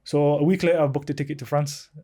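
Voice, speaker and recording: Mellow-voiced man telling stories. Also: a little high, fast talker. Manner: animated, laughing anecdotes. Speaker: podcast guest. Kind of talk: casual storytelling.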